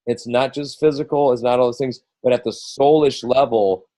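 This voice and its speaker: A man's voice: mid-range voice, fairly even intonation, moderate pace, warm tone, dry recording, rough recording. A middle-aged man leading a group coaching call in a casual, rambling way, full of restarts and acted-out quotes.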